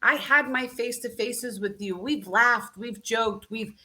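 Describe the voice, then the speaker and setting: A woman hosting a live video chat, animated and talkative, often tagging her points with "right?". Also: fairly high pitch, measured pace. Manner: animated, frequent "right?" tags. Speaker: host. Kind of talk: casual live-stream chat.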